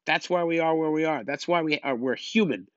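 A man rants bluntly at his listeners, exasperated and lecturing. His voice sits a bit high for a man. The recording is dry and a touch muffled. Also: fairly quick, dry recording. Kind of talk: opinion rant.

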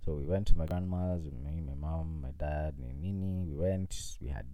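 A young Kenyan man with a Kenyan accent, telling a funny story in a casual, animated way. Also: extremely low pitch, moderate pace, no room sound, phone-quality sound. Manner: animated, mixes in Swahili phrases, laughs at own story. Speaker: vlogger.

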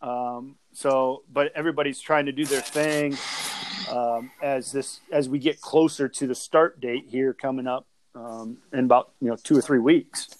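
A man's voice: mid-range voice, fairly even intonation, normal speed, low-quality recording. A man co-hosting a podcast, chatting casually about sports with lots of fillers and restarts. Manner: rambling, with many fillers and restarts.

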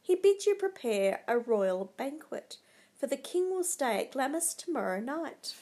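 A woman's voice: high voice, sing-song, measured pace, dark tone, heavily acted. A woman voicing a deferential male castle servant delivering a message politely.

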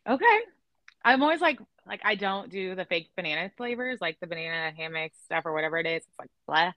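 A woman from Illinois hosting a casual podcast chat, chatty and quick to laugh, with lots of fillers. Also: fairly low pitch, animated, fairly bright tone, no room sound, low-quality recording. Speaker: podcast host.

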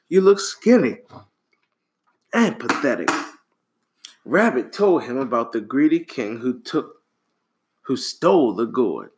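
A man reading a folktale aloud to a child, animated and relaxed, with casual asides. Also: mid-range voice, noisy background. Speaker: storyteller.

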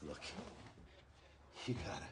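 An actor playing a battered, weary male enforcer who talks dry and gruff, reasoning calmly. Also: takes it slowly, a little hiss or hum, close to an everyday voice. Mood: pleading calmly. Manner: gruff, dry, calm reasoning under threat.

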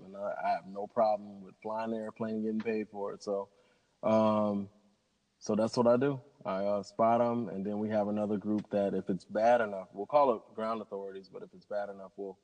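A man's voice: lowish voice, level tone, brisk, mellow. A man, a pilot telling stories in a casual interview in an upbeat, rambling way. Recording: long hall reverb.

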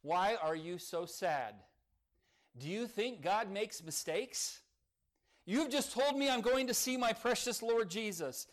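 A man's voice: high-pitched, expressive, slow. Man playing a cheerful, devout old lady. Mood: joyful scolding. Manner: chiding, joyful. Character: elderly devout woman, cheerful and fearless.

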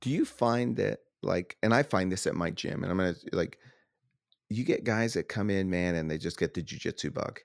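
A deep-voiced man with a gravelly edge, recorded close and dry. He hosts a podcast in a relaxed, easygoing way and peppers his speech with casual slang. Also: moderate pace, no room sound. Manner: laid-back, uses slang like man, dude, bro. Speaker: podcast host, gym owner. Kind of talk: casual interview chat.

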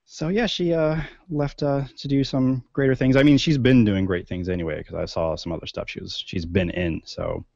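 A man's voice: mid-range voice, fairly even intonation, normal speed, creaky, few pauses, darkish tone, dry recording. A man co-hosting a podcast in casual chat, rambling with many fillers and restarts. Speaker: podcast co-host. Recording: dull, lo-fi sound.

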